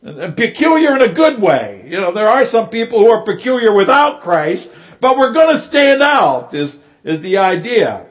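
A man's voice: sits high, very animated, moderate pace. A middle-aged man preaching a sermon as pastor, telling stories and repeating words as he builds his points.

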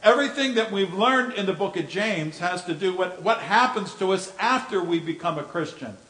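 A male preacher giving a folksy sermon with jokes and stories, often repeating words as he goes. His voice sits high. The sound echoes around the room. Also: expressive, moderate pace, fairly bright tone.

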